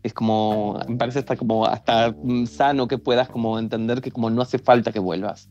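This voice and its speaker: A man's voice: medium pitch, steady tone, darkish tone, dull audio. A man from Argentina with a Rioplatense Spanish accent, chatting casually with many fillers and restarts. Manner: halting, full of fillers and restarts. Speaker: interviewee, narrator's childhood friend. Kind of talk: casual conversation.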